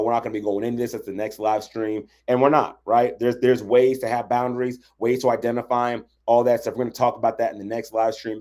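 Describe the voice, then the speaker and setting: A relationship coach with a mellow, medium-pitched voice teaches about boundaries on a livestream. He speaks conversationally and keeps checking in with listeners by asking "right?"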